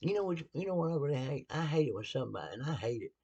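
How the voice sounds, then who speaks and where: Gravelly Southern man, folksy and blunt. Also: fairly high pitch, sing-song, racing, mellow, dull audio. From American South. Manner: folksy, blunt, laughing asides. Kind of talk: casual sermon-style talk.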